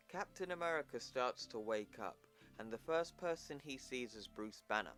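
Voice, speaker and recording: A man's voice: mid-range voice, animated, moderate pace, a bit bright, faint music behind. A man casually retelling a comic book story in slangy, offhand narration for his video channel. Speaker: comic book recap YouTuber.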